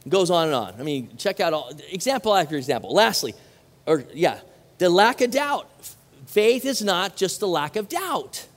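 A middle-aged man preaching a sermon, animated, asking the congregation questions and dropping casual asides. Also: high-pitched, normal speed, long reverb tail. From Southern California. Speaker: pastor.

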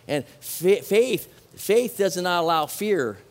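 A middle-aged man preaching a sermon, animated, asking the congregation questions and dropping casual asides. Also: high voice, takes it slowly, creaky, long reverb tail. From Southern California. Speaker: pastor.

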